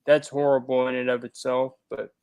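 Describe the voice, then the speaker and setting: A man's voice: mid-range voice, little pitch movement, normal speed, darkish tone, clear, resonant tone. A man in a casual livestream conversation, speaking heatedly and indignantly, often repeating himself. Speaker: guest co-host.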